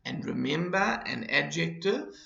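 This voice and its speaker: A man with a gravelly voice teaches a grammar lesson at an unhurried pace, stressing each example. His pitch rises and falls a lot as he explains. The recording sounds dull and roomy. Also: sing-song, sharp tone. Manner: slow, deliberate explanation with repeated examples. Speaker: English teacher.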